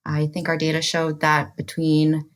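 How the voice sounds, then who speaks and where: A woman's voice: low voice, monotone, a little slow. A woman guest in an interview, explaining industry data in a matter-of-fact way. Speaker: interview guest, trust and safety architect. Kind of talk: interview answer.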